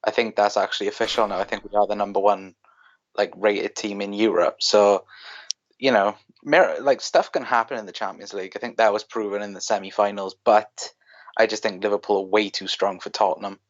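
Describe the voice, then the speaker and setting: A man with a Welsh accent from South Wales, co-hosting a casual chat and giving quick opinions with lots of "like". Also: lowish voice, steady tone, highs cut off. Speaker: co-host.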